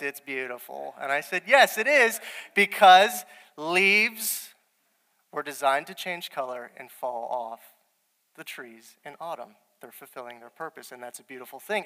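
A young man preaching a sermon, telling a story with lively quoted dialogue. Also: on the high side, long reverb tail. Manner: storytelling, animated, quoting his wife in dialogue.

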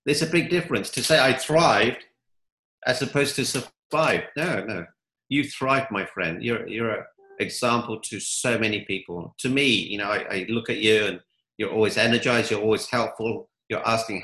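Man, motivational coach, upbeat storytelling, bright voice, echoey room. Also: on the low side, normal speed. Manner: upbeat, motivational, tells stories. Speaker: guest, coach. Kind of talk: interview answers.

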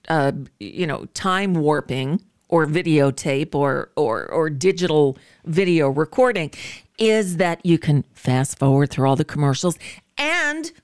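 A woman's voice: fairly low pitch, clean tone, dry recording, clean studio sound. A woman radio host talking casually, chatty and rambling, with fillers and restarts. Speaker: radio talk show host. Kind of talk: casual chat.

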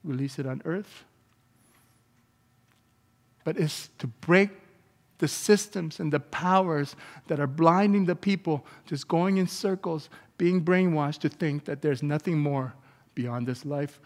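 A man preaching a sermon as pastor, moving between calm teaching and loud, animated outbursts. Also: fairly high pitch, slow pace, long reverb tail. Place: church sanctuary.

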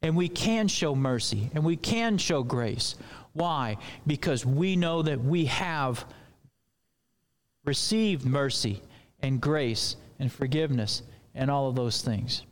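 A man's voice: mid-range voice, lively intonation, slow. A man preaching a sermon in a loose, conversational way with rambling asides.

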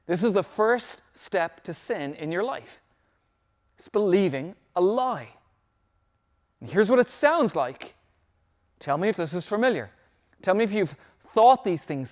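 A man's voice: high-pitched, expressive, measured pace. A man preaching a sermon as pastor, emphatic, repeating key phrases so listeners can take notes.

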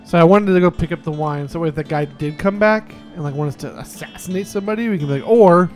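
A man with a somewhat high voice takes part in a tabletop game, laying out plans in an upbeat, joking way. Faint music runs behind him. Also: fast. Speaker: player.

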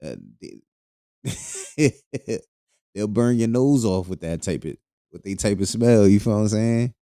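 A man's voice: lowish voice, measured pace, mellow, no room sound, clean studio sound. A man hosting a podcast, ranting crudely and jokingly in a loose, rambling way, laughing often. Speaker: podcast host. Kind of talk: casual podcast rant.

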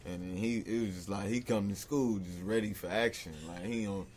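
A man from Long Beach telling stories in casual chat, animated, acting out the voices of people he quotes and laughing often. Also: lowish voice, brisk, a little hiss or hum. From Long Beach, California. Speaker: podcast guest.

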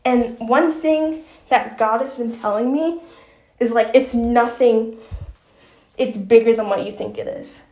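A chatty woman with a Southern American lilt, her voice sitting a little high as she gushes and rambles through a casual podcast episode. She reads passages from her own book too. The sound is roomy, with noticeable echo off the walls. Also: a little slow, a little mellow. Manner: chatty and effusive, with many fillers like "like". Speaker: podcast host.

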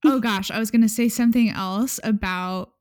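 A woman's voice: a little high, normal speed, darkish tone, dry recording, studio quality. A woman co-hosting a podcast in casual chat, talking in an enthusiastic, bubbly way. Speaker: podcast co-host.

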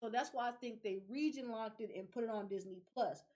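A young adult woman hosting a podcast in casual chat, animated and profane, laughing often. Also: fairly high pitch, brisk. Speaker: podcast host.

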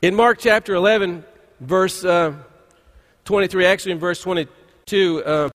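A high-pitched man preaching from the pulpit of a church. He speaks in a loose, folksy way, often restarting his sentences with an "uh." His voice rings with the long reverb of a large sanctuary. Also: normal speed, a bit bright. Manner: folksy storytelling with frequent "uh" restarts. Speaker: pastor. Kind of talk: conversational sermon.

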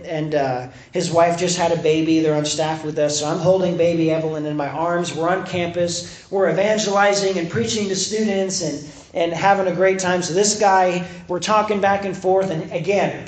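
A young man preaching a sermon, with a fairly high voice that rings through an echoey room. He tells stories as a campus minister and acts out people's quotes, raising his voice for them. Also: a little mellow. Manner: storytelling, acts out quotes with a raised voice.

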